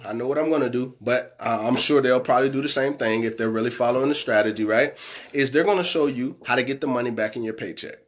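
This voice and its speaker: Casting: young adult man, live-stream money coach, mid pitch, emphatic, keeps checking in with "right?". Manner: emphatic, repeats "right?" and "okay?" often.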